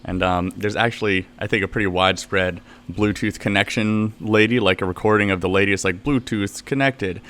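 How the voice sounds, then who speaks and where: A man with a low voice hosts a podcast interview in a casual, chatty manner. He laughs easily and keeps the talk loose as he sets up each question. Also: little pitch movement, a little fast, hardly any pauses, fairly bright tone. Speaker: podcast host.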